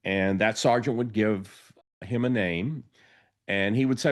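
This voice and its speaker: A man's voice: lowish voice, unhurried. A man hosting a podcast, telling an anecdote in a storytelling monologue and acting out the lines of the people in it. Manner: anecdotal, acts out quoted dialogue. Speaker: podcast host.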